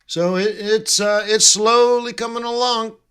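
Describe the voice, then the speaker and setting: A man's voice: high-pitched, steady tone, measured pace, a bit bright, clear, resonant tone. A man hosting a live trading stream, chatting casually and jokily with viewers while reading their comments. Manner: chatty, jokey, reads out chat and answers viewers.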